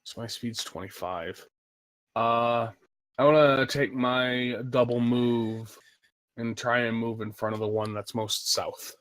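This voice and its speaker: A man's voice: mid-range voice, steady tone, takes it slowly, fairly bright tone. A man playing a tabletop game, matter-of-fact as he works out his move. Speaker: player. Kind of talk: casual tabletop chat.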